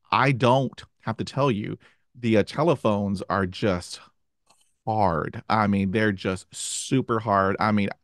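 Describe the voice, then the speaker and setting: A man with a stutter who hosts, talking in a halting, earnest way with many fillers. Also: lowish voice, no echo, clean studio sound. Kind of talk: casual chat.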